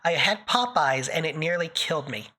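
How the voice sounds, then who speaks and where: A woman from Canada chats casually on a live stream, teasing herself and laughing often. Her voice is bright and swings widely in pitch, and it sits a little low for a woman. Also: animated, normal speed. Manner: laughs often, self-mocking and playful.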